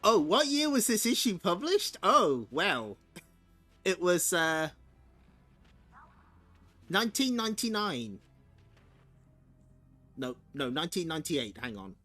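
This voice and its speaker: A streamer chatting through a comic read-along, wry and giggly, often breaking into laughter. His voice is bright and lively, pitched a little high for a man. Faint music sits under the talk. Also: takes it slowly, long pauses. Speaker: streamer host.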